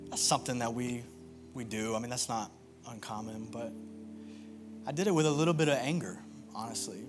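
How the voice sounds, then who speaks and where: A young man preaching and telling a personal story in an earnest, confessional way, often halting and restarting. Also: medium pitch, over music. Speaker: worship pastor.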